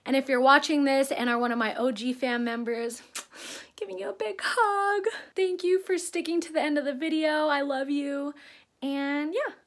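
A woman's voice: high-pitched, moderate pace. A pregnant young woman in her twenties giving a chatty vlog tour, gushing over things and short of breath. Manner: chatty, gushing, says "like" a lot. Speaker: vlogger.

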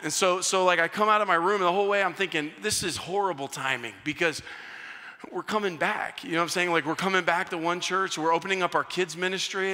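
A male pastor talks through a chatty sermon, bright and forceful, in a fairly high voice. He mocks himself as he goes. His words ring out with a long reverb from a large hall. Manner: animated, self-mocking, acts out a crying child in high pitch. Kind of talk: conversational sermon with storytelling.

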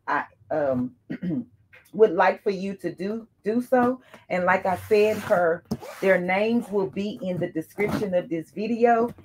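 A woman hosts a casual unboxing vlog, speaking at an unhurried pace with a mid-range voice. She chats warmly to her viewers, calling them y'all and bursting into excited exclamations. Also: medium pitch. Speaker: YouTuber unboxing gifts.

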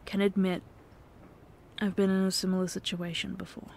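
A woman doing a whispered role-play as a girlfriend, speaking in a tender, pleading, soft-spoken way. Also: medium pitch, little pitch movement, moderate pace, gravelly, slight background noise. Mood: apologetic. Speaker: ASMR performer.

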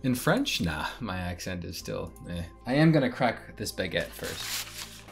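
A man's voice: low voice, very animated, a little slow, gravelly, over music. A young man and student rambling casually to camera in a vlog, self-deprecating and chatty. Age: young adult. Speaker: vlogger.

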